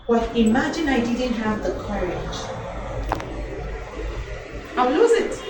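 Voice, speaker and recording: A young woman giving a motivational public speaking lesson to a live audience, animated and quizzing the listeners with questions. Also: a little high, a little slow, pauses often. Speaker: elocution and public speaking trainer. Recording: very echoey hall, voice from far off.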